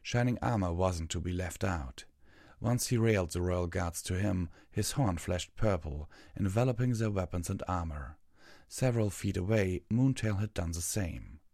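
A man narrating a fantasy story in a steady, measured audiobook reading. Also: low voice, no room sound, studio quality.

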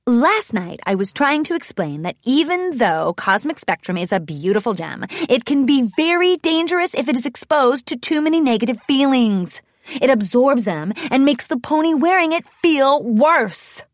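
A woman's voice: high-pitched, very animated, moderate pace, no room sound, clean studio sound. A woman voicing a refined, theatrical female pony with a trilling, posh manner. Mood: explaining.

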